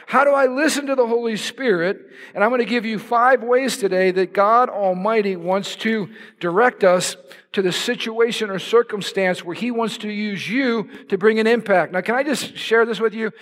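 Brief: male preacher, impassioned, raises to shouts, big reverberant church sound. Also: sits high, normal speed. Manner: impassioned, builds to shouts for emphasis. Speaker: pastor. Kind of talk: sermon. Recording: long hall reverb.

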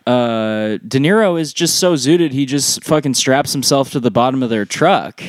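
A man's voice: mid-range voice, animated, moderate pace, dry recording, studio quality. A man co-hosting a casual podcast chat, rambling, swearing often and laughing. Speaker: podcast co-host.

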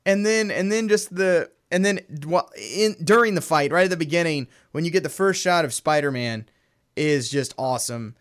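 Excitable young man on a podcast. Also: a little high, normal speed. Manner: excited, acts out movie lines in animated voices. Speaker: podcast co-host. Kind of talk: casual chat.

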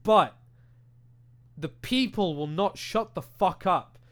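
High-voiced British man ranting. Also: slow pace. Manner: animated, ranting, heavy swearing and filler words. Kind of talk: casual chat. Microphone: desk microphone.

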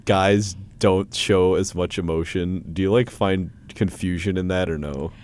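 A man's voice: sits low, steady tone, measured pace, darkish tone, a little hiss or hum. A teenage boy co-hosting a casual podcast chat, laid-back, reading out tips and joking with friends. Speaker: podcast co-host.

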